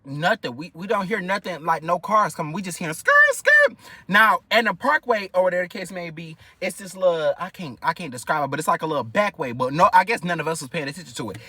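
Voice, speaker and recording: Young guy w/ aave doing a storytime vlog, gossipy, cussing a lot, bright edgy voice, dry close mic. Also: fast talker, few pauses, husky, no room sound. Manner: animated, profane, gossipy, with sudden high-pitched outbursts. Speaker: storyteller vlogger. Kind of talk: casual storytime monologue.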